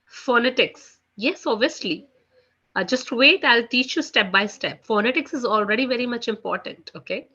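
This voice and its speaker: A woman teaches a live online French class, her voice bright and forward. She chats loosely and leans on "you know" and "guys". The call audio sounds dull and lo-fi. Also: a little high, normal speed, breathy edge.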